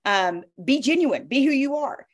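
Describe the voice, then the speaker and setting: A woman's voice: sits high, normal speed, lo-fi sound. A woman, a former sportscaster, speaking as a guest in an interview and telling her stories with emphasis and energy. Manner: emphatic, animated storytelling. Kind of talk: conversational interview.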